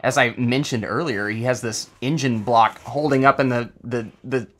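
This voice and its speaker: A man's voice: medium pitch, steady tone, moderate pace, fairly bright tone. A man co-hosting a podcast, joking animatedly about a film and laughing mid-sentence. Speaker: podcast co-host. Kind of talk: casual film discussion.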